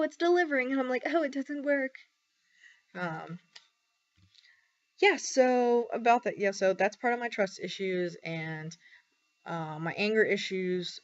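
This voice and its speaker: A young woman talking candidly in a personal vlog, halting often with ums and pauses. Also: lowish voice. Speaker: vlogger. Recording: dull lo-fi recording.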